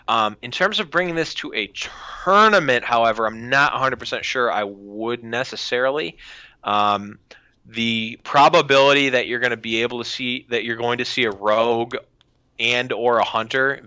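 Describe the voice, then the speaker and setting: A man co-hosting a podcast, analysing a card game in casual chat and often pausing to find his words. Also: medium pitch, pushed and bright, smooth. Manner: hesitant, many filler pauses. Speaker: podcast co-host. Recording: dull lo-fi audio.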